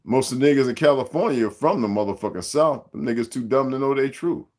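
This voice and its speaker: A man's voice: mid-range voice, animated, quick pace, darkish tone. A man in his sixties hosting a livestream, speaking in a rambling, profane, streetwise rant aimed straight at his viewers and chat. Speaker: livestream host.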